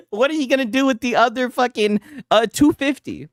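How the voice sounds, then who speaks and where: A man's voice: extremely high pitch, animated, measured pace, no echo, clean studio sound. A man streaming casual reaction commentary, laughing and swearing as he mocks a clip. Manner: profane, laughing, mocking.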